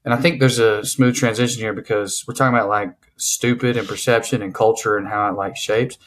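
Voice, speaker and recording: A man's voice: on the low side, steady tone, brisk, a bit bright. A man hosting a podcast, explaining things in a rambling way full of "like". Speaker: podcast host. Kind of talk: casual podcast chat.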